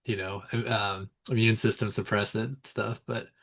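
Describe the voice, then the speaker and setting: A man's voice: on the low side, level tone, a little slow, creaky, a bit bright, husky. Laid-back male podcast co-host. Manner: laid-back, chuckles between points, mimics people in quotes. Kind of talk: casual chat.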